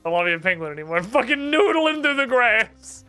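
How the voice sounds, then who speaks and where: Male streamer, casual gaming commentary, excitable, swears a lot, high bright voice, faint music behind. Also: fast, smooth. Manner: excitable, profane, reads game dialogue aloud.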